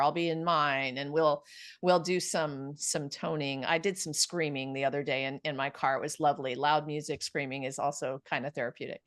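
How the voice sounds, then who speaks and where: A woman's voice: deep voice, clear, resonant tone, no room sound, clean studio sound. A woman hosting a casual panel discussion over a video call, talking with enthusiasm, riffing freely with frequent fillers. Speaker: host.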